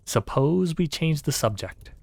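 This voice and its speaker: A man's voice: a little high, lively intonation, a little slow, creaky, darkish tone, no echo, pitched above the performer's own voice, exaggerated voice. Bored impatient hare, yawning, voiced by a man reading. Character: bored, pushy male March hare. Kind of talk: storybook reading.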